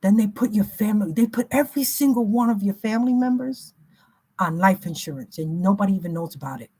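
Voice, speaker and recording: A woman's voice: medium pitch, animated, fast talker, dark tone, husky. A woman giving an emphatic, repetitive spiritual reading in a slangy, casual way. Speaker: spiritual reader.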